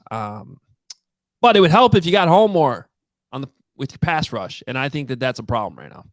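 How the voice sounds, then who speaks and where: A man's voice: medium pitch, very animated, moderate pace, no room sound, studio quality. A man co-hosting a sports podcast in casual, chatty talk, often restarting his sentences. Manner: chatty, many restarts and fillers. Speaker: podcast co-host.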